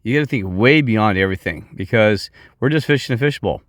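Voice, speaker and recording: Middle-aged male vlogger, low voice, heated and digressive, dry close sound. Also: animated, fairly quick, dry recording, faint music behind. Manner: heated, digressive, many restarts. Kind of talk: rambling off-the-cuff monologue.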